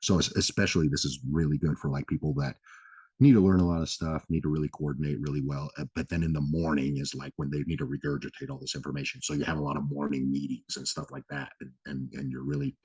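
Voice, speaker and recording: A man's voice: rumbling low, level tone, fast talker, a little mellow, slightly rough, no echo. A man hosting a health vlog, explaining in a loose, casual way, full of fillers and repeated "right?". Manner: loose, filler-heavy, keeps asking "right?"; swears casually. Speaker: vlog host giving health advice.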